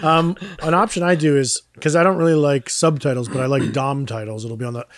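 A man's voice: mid-range voice, fairly even intonation, a little fast, dry recording, studio quality. A man co-hosting a podcast, riffing through crude jokes in casual chat. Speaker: podcast co-host.

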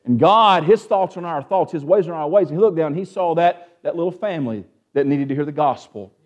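A high-voiced man preaches to his congregation. He keeps asking "amen?" and swings between quiet, intimate lines and raised, urgent ones. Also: fast, highs cut off. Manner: Southern-tinged preaching with call-and-response "amen?", swings from hushed to raised. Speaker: pastor. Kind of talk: sermon.

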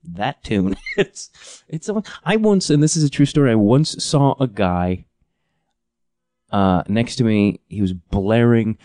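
A man's voice: mid-range voice, animated, unhurried, a little mellow, no echo, studio quality. A man in his thirties hosting a podcast, ranting in a profane, exasperated, rambling way with many restarts. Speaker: podcast host. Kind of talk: ranting comedic monologue.

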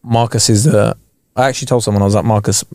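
A man's voice: lowish voice, steady tone, fast talker, a little mellow, no echo, clean studio sound. A man, a comedian co-hosting a podcast, telling stories casually with swearing. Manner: swearing, laid-back storytelling. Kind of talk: casual chat.

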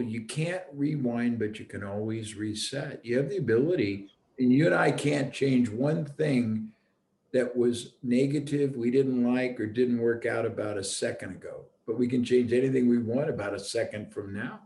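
A man's voice: mid-range voice, moderate pace, mellow, echoey room. A man hosting a reflective conversation, thinking aloud and circling back as he searches for the right words. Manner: thoughtful, restarts, searching for words.

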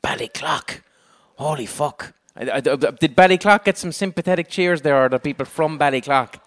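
Hosting a comedy podcast chat with an audience present, an Irish man speaks briskly in a voice on the high side. His manner is animated and profane, punctuated by bursts of laughter.

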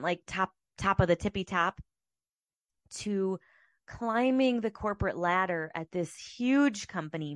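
Animated woman telling personal stories. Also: mid-range voice, no room sound, clean studio sound. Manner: animated, acts out her past reactions. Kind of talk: personal storytelling monologue.

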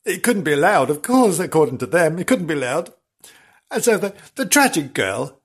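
Brief: man hosting a comedy history podcast, husky voice, lively rise and fall, gossipy and theatrical. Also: a little high, normal speed. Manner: theatrical, gossipy, mock-dramatic. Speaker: podcast host. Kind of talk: comic storytelling.

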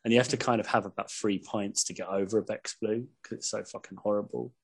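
A man's voice: fairly low pitch, fairly even intonation, quick pace, slightly rough. A man with a Cockney accent, a guest on a casual podcast, sweary and self-mocking as he jokes.

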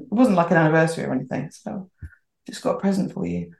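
A woman's voice: on the low side, quick pace, gravelly, darkish tone. A middle-aged woman telling a story casually as a podcast guest, chatty and acting out the voices she quotes. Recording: roomy echoey sound.

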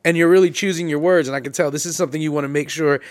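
A man's voice: on the high side, steady tone. A man co-hosting a podcast in casual chat, teasing his partner and laughing often. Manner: fast, teasing talk with frequent laughter. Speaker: podcast co-host.

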